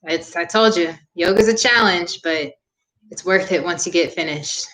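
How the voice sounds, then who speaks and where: A young woman yoga instructor wrapping up a live-streamed class, talking in a warm, earnest and chatty way with frequent "um" fillers. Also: fairly low pitch, moderate pace. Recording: echoey room.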